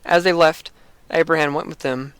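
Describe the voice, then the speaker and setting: A man reads scripture aloud at an unhurried pace, stumbling now and then and correcting himself, with offhand joking asides. His voice is a bit higher than most men's, and it is dry and close with no room sound. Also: fairly even intonation, fairly bright tone, clear, resonant tone, no room sound. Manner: slow reading with self-corrections and joking asides. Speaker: reader of scripture.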